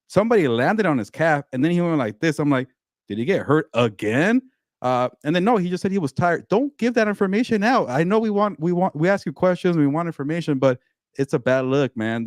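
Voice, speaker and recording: A man's voice: fairly high pitch, dry recording, studio quality. A man co-hosting a casual sports talk show, ranting emphatically about football. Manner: animated, emphatic rants. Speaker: co-host.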